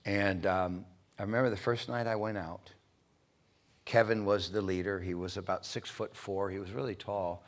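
A middle-aged male preacher delivering a sermon, moving between loud, stretched-out declarations and quiet, hushed storytelling. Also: lowish voice, fairly even intonation, normal speed.

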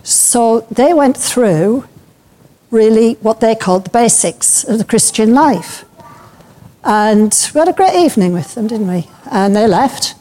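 A woman's voice: fairly high pitch, lively intonation, measured pace, dark tone. A woman giving an informal, anecdotal talk to a church group. She speaks in a chatty way, with plenty of fillers and light laughter. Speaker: speaker at a church breakout session.

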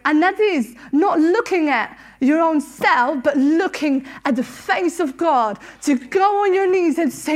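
Very high-voiced woman preaching earnestly. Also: animated, a little slow, few pauses. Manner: earnest and emotional, laughing between phrases. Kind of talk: sermon.

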